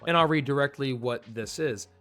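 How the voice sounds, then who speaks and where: Male host, mid-pitched and chatty, enthusiastic casual commentary with faint guitar music underneath. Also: normal speed, fairly bright tone. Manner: chatty, enthusiastic, with small restarts. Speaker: manga review host.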